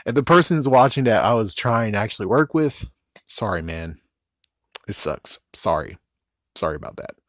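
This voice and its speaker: A man's voice: lowish voice, animated, normal speed, fairly bright tone, no room sound, clean studio sound. A man rambling casually to his vlog audience, swearing, laughing often and acting out scenes he imagines. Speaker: vlogger.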